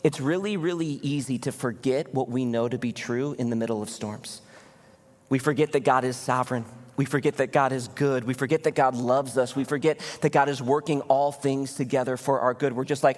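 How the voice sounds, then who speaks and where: A male pastor preaching a conversational, animated sermon, often acting out the voices of people in the story. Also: mid-range voice, moderate pace, big-room sound. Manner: animated, conversational, acts out voices in Bible stories. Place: church.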